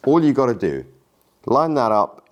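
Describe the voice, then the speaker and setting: A man's voice: mid-range voice, very animated, moderate pace, dull audio. A man in a casual gear review vlog, talking enthusiastically and self-deprecatingly. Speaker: camera gear vlogger.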